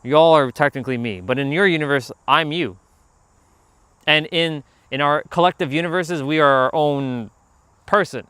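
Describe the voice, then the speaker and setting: A man hosting a casual outdoor livestream, talking in a rambling, animated way and calling out to people passing by. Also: a little high, moderate pace, clear, resonant tone, dry recording. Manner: rambling, animated, calls out to passersby. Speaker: livestream host. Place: outdoors near a park.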